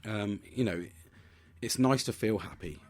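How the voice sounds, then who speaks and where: A deep, low-pitched man speaking in a casual, reflective monologue as a podcast host. He talks in a chatty, open way, swears freely and keeps checking in with "do you know what I mean". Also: measured pace, darkish tone.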